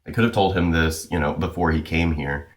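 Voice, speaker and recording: A man's voice: rumbling low, fairly quick. A man giving a casual, chatty recap as a comic book reviewer, loose and full of "like" and "you know".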